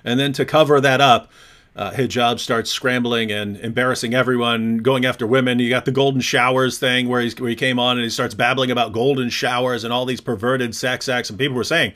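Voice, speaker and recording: A man's voice: medium pitch, steady tone, fairly quick, fairly bright tone. A man co-hosting a casual livestream chat, talking in a mocking, jokey way and laughing often. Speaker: co-host.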